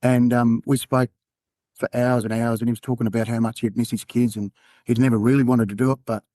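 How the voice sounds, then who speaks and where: A man with an Australian accent, a podcast guest telling a personal story in a candid, halting way. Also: medium pitch, flat delivery, warm tone, dry recording. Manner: candid, halting, acts out quoted dialogue. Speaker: podcast guest, former undercover police officer.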